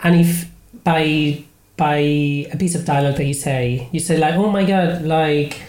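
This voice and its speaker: A man's voice: a little high, flat delivery, a little slow, a little mellow, echoey room, poor audio. A man with a Spanish accent, a native Spanish speaker, hosting a casual podcast chat and rambling with many fillers and restarts. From Spain. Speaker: podcast host and improv comedian.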